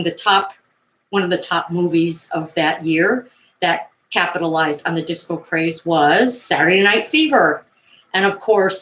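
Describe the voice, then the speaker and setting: Chatty woman with a low voice. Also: fairly bright tone. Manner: chatty and digressive, with frequent fillers and asides. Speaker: vlogger. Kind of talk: casual retelling of 1970s pop culture. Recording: roomy echo.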